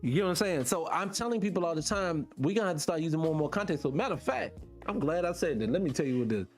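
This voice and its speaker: A man's voice: on the high side, quick pace, soft background music. A man hosting his own video, talking casually to his viewers, calling them y'all and firing off rhetorical questions. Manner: animated, keeps asking rhetorical questions; talks directly to the audience as y'all. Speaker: vlog host.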